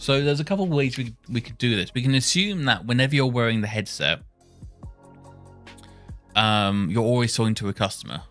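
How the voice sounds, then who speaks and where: A man talking to himself while testing speech software, muttering and correcting himself as he goes. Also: mid-range voice, animated, brisk, faint music behind. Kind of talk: casual thinking-aloud coding session.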